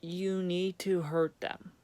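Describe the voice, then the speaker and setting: Young male vlogger, angry blunt rant, clean smooth tone, heavy swearing. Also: high voice, level tone, slow pace, a little mellow. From Vermont, USA. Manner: profane, blunt, sarcastic. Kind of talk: angry ranting monologue.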